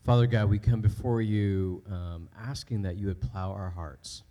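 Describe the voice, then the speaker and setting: A man leading a spoken prayer in church, halting and full of ums and uhs. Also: lowish voice, steady tone, mellow. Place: church sanctuary.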